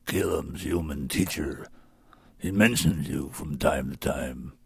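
A man growling as a huge, gruff, slow-talking beast. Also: extremely low pitch, no room sound, voice pushed down, heavily acted.

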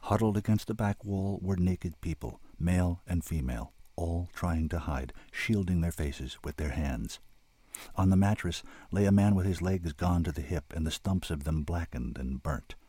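A man reading a novel aloud in a slow, measured, somber way, then offering his own opinion on it. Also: deep voice, mellow, slightly rough, no echo. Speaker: reader and commentator.

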